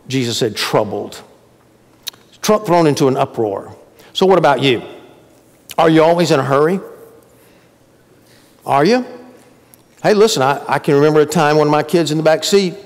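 A man preaching a sermon as pastor, talking to the congregation as if in conversation. His voice sits a little high and leaps up for emphasis, then sinks low and quiet. It rings with the long reverb of a church sanctuary. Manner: conversational preaching with sudden emphatic rises and drops.

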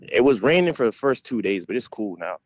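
A man's voice: on the low side, sing-song, fairly quick, no echo, voice pushed down. A man co-hosting a podcast by phone, putting on a playful drawling accent while walking through a mall. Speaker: podcast co-host calling in. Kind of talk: casual chat by phone. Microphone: phone call. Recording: phone call with wind noise.

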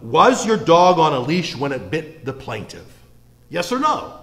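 A man's voice: on the high side, sing-song, unhurried, long reverb tail. A man putting on the voice of an exasperated female TV judge who insists on a yes or no answer. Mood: impatient. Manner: sharp, impatient, insistent.

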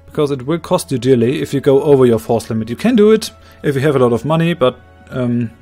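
Gravelly man explaining a strategy game. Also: medium pitch, fast talker, soft background music. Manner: calm, explanatory, thinking aloud. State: slightly hoarse voice. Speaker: game commentator. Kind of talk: strategy game let's play commentary.

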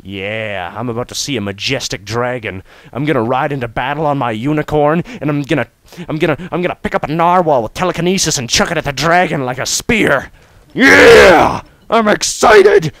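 A young man doing let's play commentary from his room, goofy and hyperactive, breaking into sudden shouts. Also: mid-range voice, a little fast, few pauses, no room sound. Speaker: gamer host.

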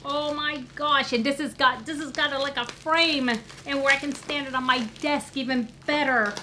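A woman vlogger unboxing a gift in a casual chat, gushing and excitable, with gasps and soft exclamations. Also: high voice, normal speed, slight background noise, low-quality recording.

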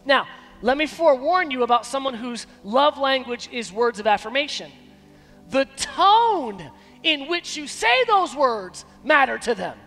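A man preaching a sermon as pastor, emphatic, with dramatic pauses. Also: very high voice, sing-song, fairly bright tone, in a large hall, soft background music. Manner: acts out quoted dialogue in shifting voices. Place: church sanctuary.

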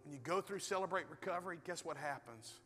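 Pastor preaching in a reverberant hall. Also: male voice, fairly high pitch, fast talker. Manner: animated, swings from loud to hushed storytelling. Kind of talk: sermon. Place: large church hall. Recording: reverberant hall with soft music.

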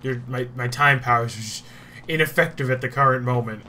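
A man's voice: medium pitch, brisk, bright, forceful tone, a little hiss or hum. A young man giving casual gameplay commentary, joking and swearing. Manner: swearing, joking, easily startled. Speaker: gamer.

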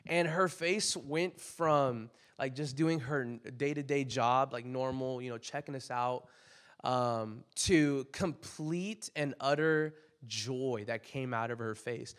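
A man's voice: on the high side, expressive, normal speed. Young male preacher, casual and emphatic. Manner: conversational, many "like" fillers, rising to loud emphatic peaks. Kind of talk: casual sermon.

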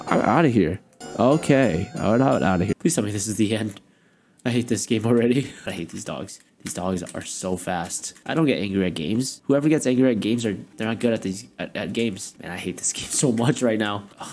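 A young man with a lowish, mellow voice commentates a video game, joking at his own expense and bursting into exclamations and laughter. Faint game music plays behind him. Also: animated, normal speed. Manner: playful, self-mocking, exclaims and laughs often. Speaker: gaming YouTuber. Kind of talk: let's play commentary.

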